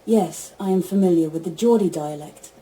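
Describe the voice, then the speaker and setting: A synthetic female voice of an AI assistant giving even, stilted spoken replies. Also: lowish voice, moderate pace, rough recording. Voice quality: even, stilted text-to-speech delivery.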